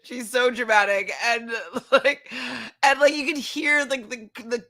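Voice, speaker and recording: Bright-voiced woman guest, laughing easily. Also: fairly high pitch, unhurried. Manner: laughs easily, restarts her sentences. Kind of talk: casual chat.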